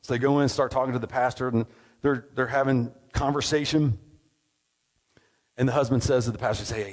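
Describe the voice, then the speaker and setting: A man's voice: mid-range voice, fast talker, poor audio. A man preaching a sermon in a conversational, storytelling way, often checking in with "right?". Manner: conversational, tag questions, storytelling.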